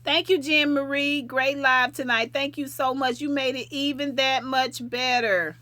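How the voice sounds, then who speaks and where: A woman's voice: high-pitched, fairly even intonation, unhurried, sharp tone, no echo. A woman hosting a late-night livestream, chatting casually and affectionately with viewers and rambling from topic to topic. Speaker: livestream host.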